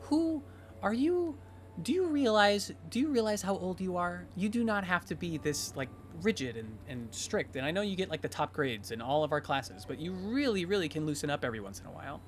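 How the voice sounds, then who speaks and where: A man's voice: fairly high pitch, sing-song, fast talker, hardly any pauses, soft background music. A man voicing a chatty, teasing teenage schoolgirl who rambles and gossips, full of "like".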